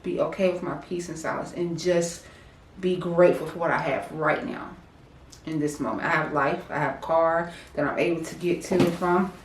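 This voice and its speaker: Calm, thoughtful woman co-host, roomy. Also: low voice, moderate pace. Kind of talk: casual chat. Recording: echoey room, distant mic, faint noise.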